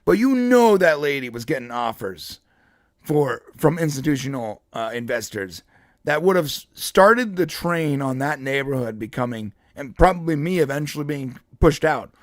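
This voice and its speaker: Rambling, animated man telling a story. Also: on the high side, normal speed, no echo, clean studio sound. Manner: rambling, animated, frequent restarts and laughs. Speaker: podcast co-host. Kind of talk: casual storytelling chat.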